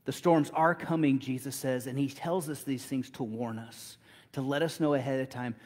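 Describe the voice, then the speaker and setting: A man's voice: mid-range voice, normal speed, darkish tone, long reverb tail. A middle-aged man preaching a sermon, telling a story in a conversational way and often restarting with repeated words. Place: church sanctuary.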